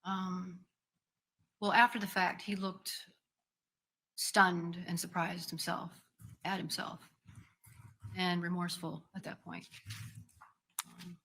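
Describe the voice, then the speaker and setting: Woman, 40s, courtroom testimony, hesitant, low monotone voice. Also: breathy edge. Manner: hesitant, halting, many ums. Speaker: defendant testifying.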